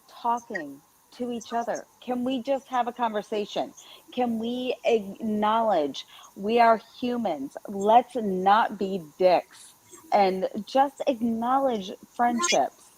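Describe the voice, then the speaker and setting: A woman's voice: on the high side, slow, rough recording. A woman guest, sick with a cough, venting her frustration on a call and swearing. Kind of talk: casual chat on a call.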